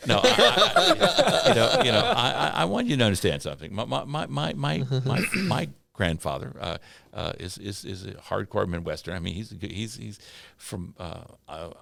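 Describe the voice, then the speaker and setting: Deep gravelly older man, rambling. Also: big pitch swings, normal speed, noisy background. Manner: rambling, many repeated words and fillers, chuckling asides. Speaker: retiring pastor, podcast guest. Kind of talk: casual reminiscing chat.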